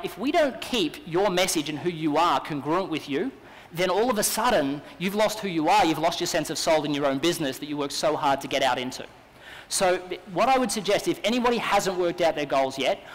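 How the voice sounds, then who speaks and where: A man with an Australian accent giving an energetic, persuasive keynote talk at a business conference. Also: a little high. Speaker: business speaker. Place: large conference hall. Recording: long hall reverb.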